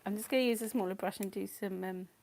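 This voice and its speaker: A middle-aged woman, chatting casually and rambling while she paints, often slipping into soft whispers. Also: mid-range voice, quick pace, slight background noise. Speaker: painting channel host.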